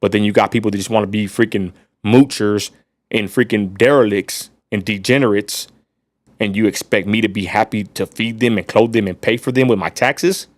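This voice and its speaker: A man's voice: lowish voice, steady tone, moderate pace, dry recording. Livestream host, male, West Texas accent, blunt ranting delivery, dry close sound. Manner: blunt, ranting, addresses viewers as y'all. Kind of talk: casual livestream rant.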